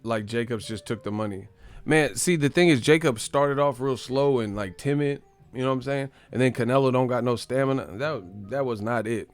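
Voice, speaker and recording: A man's voice: medium pitch, moderate pace, faint music behind. A man hosting a live stream, casually reacting to chat with profane, mocking commentary.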